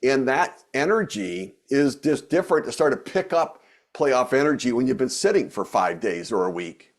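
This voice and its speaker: A man's voice: medium pitch, animated, normal speed. A middle-aged man talking as a podcast guest in a loose, rambling way, with many fillers and restarts. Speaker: guest, former baseball executive and radio host. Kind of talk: casual podcast interview.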